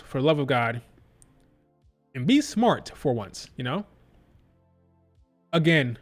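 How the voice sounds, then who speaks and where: A man's voice: a little high, sing-song, moderate pace, long pauses, soft background music. A man hosting a wrestling review stream, ranting in a blunt, exasperated way and swearing casually.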